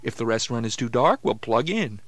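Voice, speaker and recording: A quick-talking man with a lively, bouncing voice banters through a comedy sketch. He sounds playful and mock-helpful, recorded close and dry. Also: mid-range voice, no echo.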